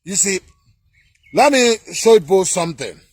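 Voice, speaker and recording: A man delivering heated political commentary in a vlog, emphatic and sing-song, often breaking into shouts. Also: sits high, expressive, moderate pace, no echo, studio quality.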